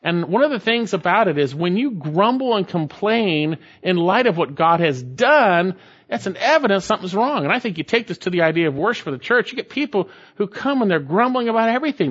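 A man's voice: high voice, lively intonation, brisk, a bit bright, slightly rough, dull audio. A pastor preaching an emphatic sermon, his voice climbing when he stresses a point.

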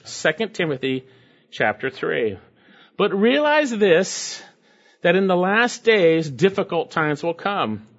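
Guy preaching a sermon, kinda high voice, dull lo-fi sound, leans hard on the verses. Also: a bit bright. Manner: reads scripture slowly, then explains it with emphatic asides. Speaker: pastor.

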